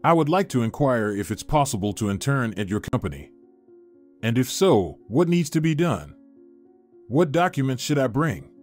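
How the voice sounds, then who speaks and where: A man's voice: mid-range voice, big pitch swings, normal speed, faint music behind, close to an everyday voice. A man voicing an eager, polite young woman student in a narrated story. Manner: eager, polite, slightly shy.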